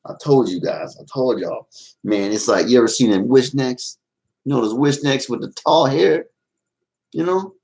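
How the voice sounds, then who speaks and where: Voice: mid-range voice, moderate pace, creaky, darkish tone, low-quality recording. A live-stream host in casual, playful chat with viewers, giggling often and teasing in a folksy way.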